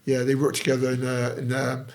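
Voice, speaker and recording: Man with a Gloucester accent, halting. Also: mid-range voice, completely flat delivery, a little mellow. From England. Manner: halting, with frequent "uh" and short agreeing replies. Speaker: interview guest, former fighter. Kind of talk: casual conversation.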